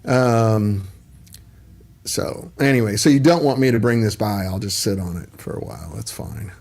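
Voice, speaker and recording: A man's voice: fairly low pitch, normal speed, darkish tone. A middle-aged man hosting a casual livestream, chatting in a rambling way with lots of ums and asides. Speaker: livestream host.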